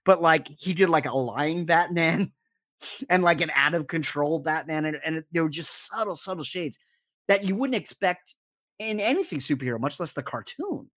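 A man in casual podcast chat, an animated storyteller who acts out the lines he quotes. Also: a little high, normal speed, dry recording, clean studio sound. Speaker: podcast co-host.

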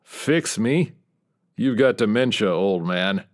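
Sardonic ex-spy in his seventies, as the narrator voices him, lowish voice, dry quips, audiobook figure. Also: expressive, slow. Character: wisecracking dying old male ex-spy, seventy.

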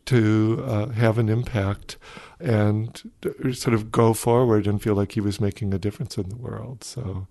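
A man, a psychologist guest on a podcast, explaining ideas in a thoughtful, measured way and telling stories. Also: fairly low pitch, steady tone, vocal fry, warm tone, no echo.

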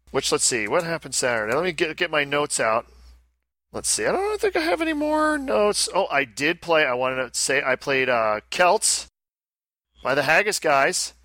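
A man's voice: medium pitch, bright, forceful tone, no room sound. A man co-hosting a casual podcast, rambling and chatty, often breaking off and restarting his sentences. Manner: rambling, self-interrupting, chatty. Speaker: podcast co-host. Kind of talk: casual chat.

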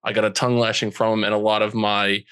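A man in his forties, appearing as a podcast guest, tells a personal story earnestly, slowing down and growing emotional when he recalls being hurt. His voice is on the low side, level, a bit bright, and smooth, recorded with studio quality and no echo.

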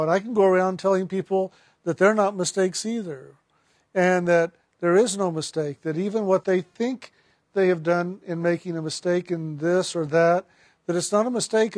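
A man's voice: high-pitched, moderate pace, a little mellow, no room sound, studio quality, lightly acted. A man voicing an eager woman in her forties, asking questions in a pleading way as he retells a spiritual story. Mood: content. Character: eager middle-aged woman seeking purpose.

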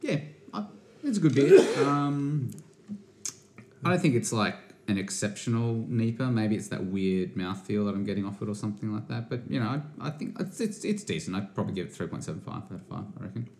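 Man, podcast co-host, casual beer chat, laid-back, low-key, lowish pitch. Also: big pitch swings, a little fast, a little mellow.

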